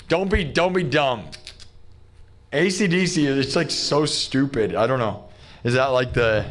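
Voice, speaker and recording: A man's voice: mid-range voice, a bit bright. A man hosting a live stream, chatting casually and ranting in exasperation, with lots of "dude" and "bro". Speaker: livestream host. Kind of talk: casual livestream rant.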